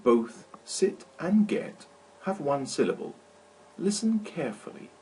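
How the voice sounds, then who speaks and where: A man teaching an English grammar lesson, speaking deliberately and enunciating clearly, with pauses for practice. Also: a little high, sing-song, mellow, low-quality recording. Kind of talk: slow, careful English lesson narration.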